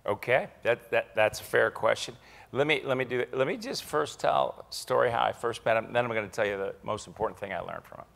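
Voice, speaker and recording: A middle-aged man from Ohio, an interview guest telling anecdotes in an animated way, repeating himself as he gathers his thoughts. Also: medium pitch, fairly quick, creaky. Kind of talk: anecdotal storytelling.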